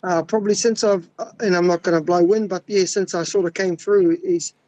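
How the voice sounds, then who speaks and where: A man's voice: high-pitched, steady tone, brisk, dark tone, dry recording, rough recording. An Australian man, a butcher and regular on a podcast, telling laid-back stories in a casual chat, swearing and trailing off as he goes.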